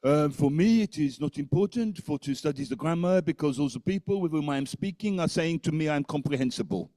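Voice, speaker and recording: A man's voice: on the high side, lively intonation, brisk, warm tone, no room sound, lightly acted. A man imitating a stubborn adult male French student who speaks English with a French accent and stiff word-for-word phrasing.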